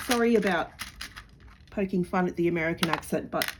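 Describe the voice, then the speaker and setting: A woman's voice: lowish voice, a little fast, pauses often, noisy background. A middle-aged Australian woman chatting casually to camera in a blunt, sarcastic, mocking way while she makes jewellery. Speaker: jewellery maker and vlogger.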